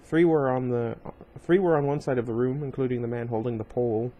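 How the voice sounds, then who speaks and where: A man's voice: medium pitch, fairly even intonation, fairly quick, mellow. A man casually reading a novel aloud at home, breaking off often for rambling side comments full of fillers. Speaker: reader of a book series.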